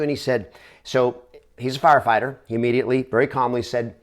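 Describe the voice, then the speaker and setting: Speaking to camera in a steady, mid-range voice, a man who trains real estate agents shares a motivational story, with an earnest, conversational manner and quick restarts.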